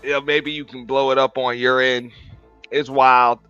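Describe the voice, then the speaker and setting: A man's voice: mid-range voice, level tone, normal speed, bright, forceful tone, clear, resonant tone, no room sound, lo-fi sound, faint music behind. A man hosting a casual reaction show, talking in a laid-back, profane way, laughing and repeating himself. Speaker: show host reacting to clips.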